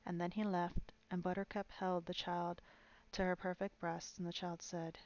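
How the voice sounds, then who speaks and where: A woman's voice: fairly low pitch, monotone, normal speed, dull audio. A woman narrating a novel aloud in a live stream reading. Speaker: storyteller.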